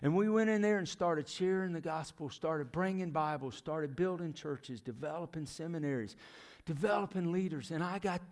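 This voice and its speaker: An American man in his sixties preaching a sermon, telling stories dramatically and dropping from loud emphasis to hushed near-whispers. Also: on the high side, normal speed.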